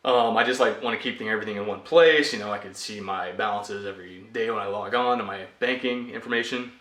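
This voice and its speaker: Young man venting in a personal vlog, bright and fed up, roomy sound. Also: lowish voice, quick pace. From United States. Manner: exasperated, ranting. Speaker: vlogger. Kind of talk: frustrated personal rant. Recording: echoey room.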